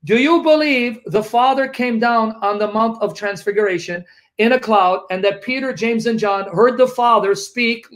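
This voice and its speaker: A man's voice: high voice, normal speed, a bit bright. A man debating heatedly, accusing his opponent of lying and reading scripture aloud to refute him. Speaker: Christian debater.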